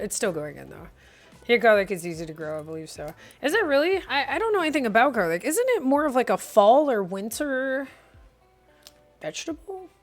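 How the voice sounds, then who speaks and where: A woman's voice: medium pitch, a bit bright. A woman chatting playfully with her viewers while cooking on a live stream. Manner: chatty, playful, answers chat aloud. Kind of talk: casual cooking livestream chat.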